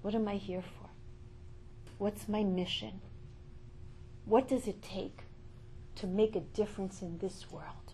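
A woman's voice: mid-range voice, unhurried, pauses often, warm tone, slight background noise. Older woman giving an emphatic inspirational talk. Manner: emphatic, repetitive rhetorical questions. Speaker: inspirational speaker.

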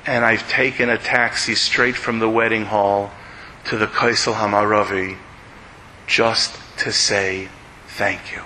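A man voicing a grateful father from Jerusalem who speaks softly, slowly and tearfully. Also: fairly low pitch, level tone, slight background noise, rough recording. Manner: soft, slow, tearful. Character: grateful Jerusalem father of twelve, weeping quietly.

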